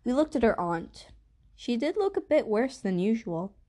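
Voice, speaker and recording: A woman narrating a first-person novel as an audiobook, with an even, measured reading. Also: on the high side.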